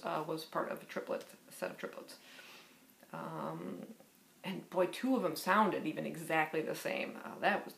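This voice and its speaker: A woman's voice: medium pitch, a little hiss or hum. A woman in her fifties casually reading through tag questions and answering them in a rambling, filler-heavy way. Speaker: book vlogger. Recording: echoey room.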